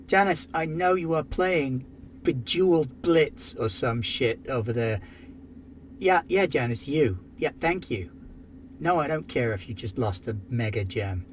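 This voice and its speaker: A man voicing a gruff, put-upon middle-aged male mining security chief who swears freely. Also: medium pitch, a little hiss or hum, natural voice.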